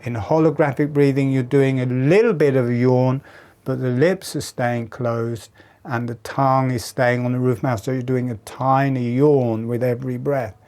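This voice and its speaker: A man teaching a breathwork lesson, calmly explaining and demonstrating each step. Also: mid-range voice, normal speed. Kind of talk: guided breathing instruction.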